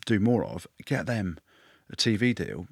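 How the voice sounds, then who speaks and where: A man co-hosting a rugby podcast, talking in lively, jokey banter and handing out punchy verdicts. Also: on the low side, measured pace, vocal fry, slightly rough, dry recording, clean studio sound. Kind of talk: casual sports banter.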